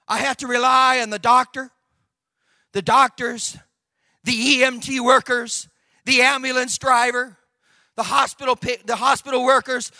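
An older man preaching a personal testimony, moving from quiet storytelling to shouted, fervent outbursts. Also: very high voice, normal speed, no room sound, clean studio sound. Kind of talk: sermon testimony.

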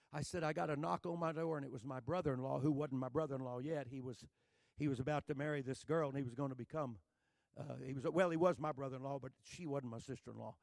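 An older man from Texas with a Texan accent, telling a folksy, joking sermon story that builds to shouting. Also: on the high side, vocal fry, dry recording, studio quality. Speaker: preacher.

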